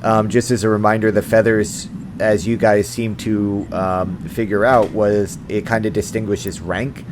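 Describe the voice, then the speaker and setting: A man narrating a tabletop game as game master, with halting speech and plenty of fillers. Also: lowish voice, level tone, noisy background. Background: music.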